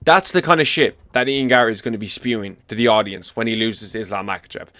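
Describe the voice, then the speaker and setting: A man's voice: lowish voice, quick pace, sharp tone, no echo. A young Irish man from Ireland ranting about fighters as an MMA commentator, blunt and full of swearing and repetition. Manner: blunt, profane, emphatic repetition. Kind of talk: casual opinion rant.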